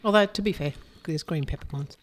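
Aussie woman hosting a podcast, lowish voice, teasing and chatty. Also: a little fast, crowd noise. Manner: chatty, teasing, runs the tasting. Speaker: podcast co-host. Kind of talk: casual chat.

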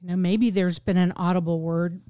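A woman hosts an interview, her voice a little low. She asks gentle, affirming questions, and the sound is dry and close to the mic. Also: steady tone, brisk, no room sound. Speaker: podcast host.

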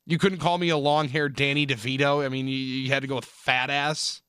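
Bright, brash wisecracking man. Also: medium pitch, fairly even intonation, a little fast, smooth, dry recording, clean studio sound. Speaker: podcast co-host. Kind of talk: casual chat.

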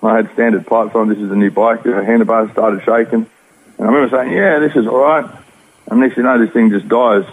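A man with an Australian accent telling his personal story in rough, slangy speech as an interview guest. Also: on the low side, level tone, fast talker, narrow, tinny audio. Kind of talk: personal testimony.

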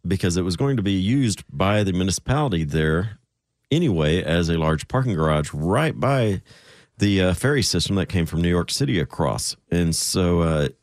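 Deep-voiced man, relaxed show guest. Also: normal speed, dry recording, clean studio sound. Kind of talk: casual motorsport chat.

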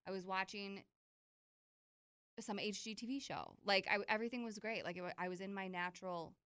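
A young woman co-hosting a casual chat, telling a story with lively acted-out quotes. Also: a little fast, smooth, no echo, studio quality. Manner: animated storyteller, acts out quotes with big pitch jumps.

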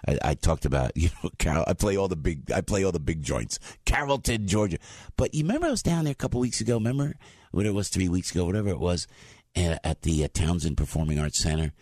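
A man in his sixties with a New Jersey accent, telling stories in an animated monologue as a talk show host. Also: low-pitched, fast, breathy edge, no room sound, clean studio sound. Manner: animated, acts out voices. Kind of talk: storytelling monologue.

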